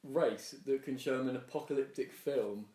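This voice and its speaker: A man's voice: medium pitch, moderate pace, mellow, far from the mic. A young man co-hosting a podcast, making dry, teasing quips in casual banter. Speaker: podcast co-host. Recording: roomy recording, off the mic.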